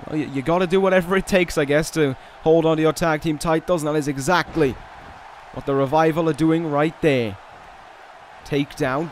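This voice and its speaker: A man giving play-by-play commentary over a wrestling video game, with casual, rambling asides and restarts, and excited calls on big moves. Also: on the high side, slight background noise. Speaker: gaming video host.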